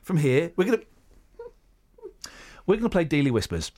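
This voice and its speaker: A man's voice: fairly high pitch, very animated, normal speed, dark tone. A man hosting a radio show, bantering playfully and teasing his co-host by mimicking voices.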